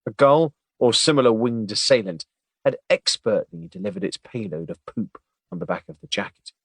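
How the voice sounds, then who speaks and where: Expressive male audiobook narrator. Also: lowish voice, husky, no room sound. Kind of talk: scripted storybook narration.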